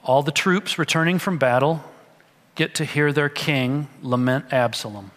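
A male pastor reads a passage aloud and then breaks off to talk it through with his listeners, earnest and direct. His voice sits a little high for a man. The sound rings with a long reverb from a large hall. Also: a little slow, a bit bright. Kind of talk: sermon reading and explaining scripture.

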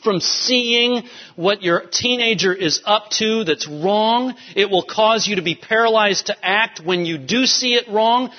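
High-voiced man preaching in an echoing hall. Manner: emphatic preaching, rising to urgent peaks. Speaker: pastor. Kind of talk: sermon. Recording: dull sound with long hall reverb.

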